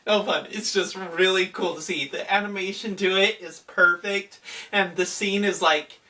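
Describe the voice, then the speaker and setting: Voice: medium pitch, measured pace, pushed and bright, distant mic. An anime fan vlogger recapping an episode in casual, enthusiastic talk full of "like". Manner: enthusiastic, filler-heavy.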